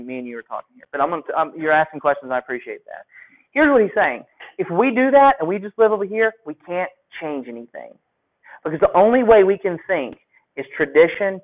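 A male teacher giving a classroom lecture, talking conversationally and asking his students questions. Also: on the high side. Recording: phone-like lo-fi audio.

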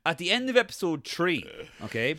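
A man's voice: on the high side, very animated, a little fast, bright, forceful tone, a little hiss or hum. A man co-hosting a podcast, casually recapping a TV show in a rambling way and slipping into silly character voices. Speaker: podcast co-host.

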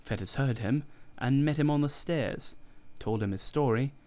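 A man narrates a classic story at a measured pace. His voice sits at a middling pitch. The delivery is formal and even. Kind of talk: audiobook narration.

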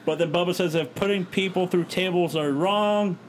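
A man's voice: high-pitched, slight background noise. Joking man recapping a show. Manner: recaps quickly, joking, acts out quotes. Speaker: podcast co-host recapping wrestling. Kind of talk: casual chat.

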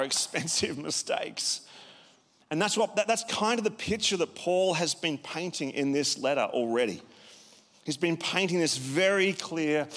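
A man's voice: on the high side, a bit bright. Conversational male pastor, hall echo. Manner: conversational, talks with the congregation. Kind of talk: sermon. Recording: long hall reverb.

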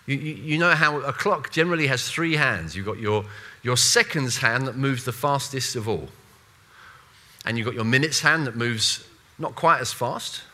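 A man preaching a sermon in a conversational, animated way, with playful asides and voiced quotes. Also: medium pitch, moderate pace.

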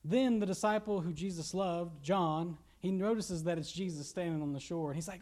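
Young kentucky man, high voice, relaxed joking preacher. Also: moderate pace, few pauses. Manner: casual, joking preaching with laughs and asides. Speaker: pastor. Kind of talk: sermon.

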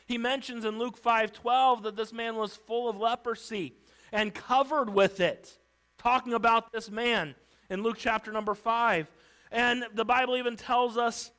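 A man preaching a sermon as pastor, emphatic, swinging between loud declarations and hushed lines, acting out pleas. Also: very high voice, poor audio. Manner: acts out Bible characters' pleas.

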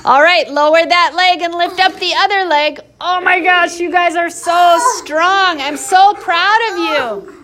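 Very high, bright-voiced kids' yoga teacher. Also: female voice, fairly even intonation, a little slow. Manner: playful, encouraging, sing-song. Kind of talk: leading a live kids' yoga class. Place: indoor yoga class.

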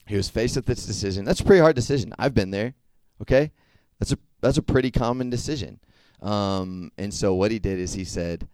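A man's voice: on the low side, fairly quick, few pauses, darkish tone, no room sound. Casual young man preaching. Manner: conversational, checks in with frequent "okay?". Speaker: youth speaker. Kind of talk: casual sermon.

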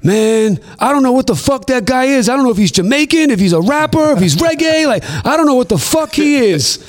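A man putting on the voice of a brash, exasperated streetwise man who swears and shouts in disbelief. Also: extremely high pitch, animated, a little fast, voice pushed up. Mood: incredulous. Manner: shouting, incredulous, profane.

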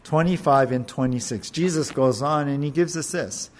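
A man giving a conversational sermon, laughing often, asking his listeners questions and slowing down to stress scripture. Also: medium pitch, slight background noise. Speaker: pastor.

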